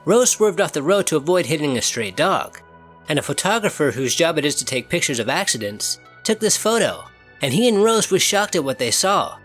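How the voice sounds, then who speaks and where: A man's voice: fairly high pitch, sing-song, brisk, fairly bright tone. A man hosting and narrating paranormal stories in a scripted, emphatic storytelling way. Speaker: channel host and narrator. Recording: faint background music.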